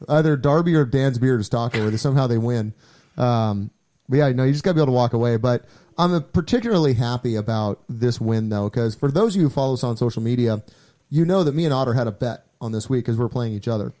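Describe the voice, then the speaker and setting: A man's voice: medium pitch, fast, warm tone. A man co-hosting a podcast, chatting casually and teasing his co-host with frequent laughs. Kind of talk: casual chat.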